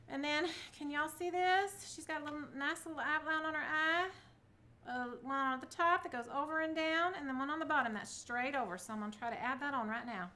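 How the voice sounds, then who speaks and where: Cheering herself on while she works, this middle-aged craft vlogger chats through a casual tutorial and talks to her viewers in a chatty, self-encouraging way. Her high-pitched voice sounds pushed and bright.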